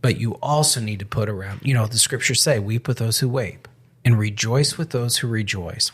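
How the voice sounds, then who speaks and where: A man's voice: on the low side, moderate pace, fairly bright tone, breathy edge. A man co-hosting a faith podcast, a pastor telling a story in casual conversation, with frequent restarts. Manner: storytelling with many restarts and quoted dialogue.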